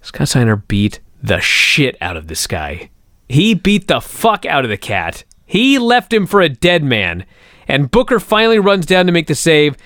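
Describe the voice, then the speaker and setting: In studio-quality audio with no room sound, a podcast co-host with a slightly high voice speaks a little slowly, swearing a lot as he tells lively stories and performs the quotes.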